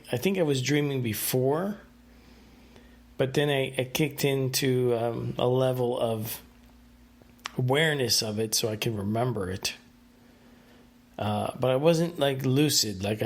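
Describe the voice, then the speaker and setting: Rambling man hosting a solo podcast. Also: mid-range voice. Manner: rambling, hesitant, many fillers and restarts. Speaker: podcast host. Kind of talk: casual solo podcast monologue.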